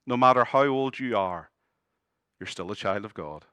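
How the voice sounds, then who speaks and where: A man's voice: lowish voice, animated, moderate pace, bright, forceful tone, clean tone, no echo. A middle-aged man preaching a sermon earnestly, with humorous asides. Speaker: pastor.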